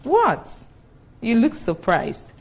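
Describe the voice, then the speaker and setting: A woman's voice: fairly low pitch, animated, measured pace. A woman playing a businesswoman who mocks marriage in a sardonic way. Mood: mocking. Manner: mocking, sardonic. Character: young businesswoman, scornful of marriage. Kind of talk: film acting.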